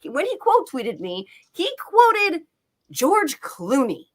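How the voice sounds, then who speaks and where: Fired up lady ranting and cussing, high lively voice swinging all over. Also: slow. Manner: fired up, profane, emphatic. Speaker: political commentator. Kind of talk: heated political talk show rant.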